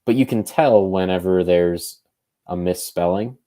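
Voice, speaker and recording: Man, very low pitch, mellow tone, relaxed podcast co-host who thinks out loud. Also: measured pace. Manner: thinks aloud, loose and conversational. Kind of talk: casual podcast chat.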